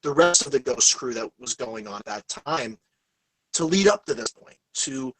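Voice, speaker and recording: An American man co-hosting a casual podcast, talking in an excitable, rambling way and plugging the show. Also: medium pitch, normal speed, no room sound, low-quality recording. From United States. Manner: excitable, rambling, promo-heavy. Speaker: podcast co-host.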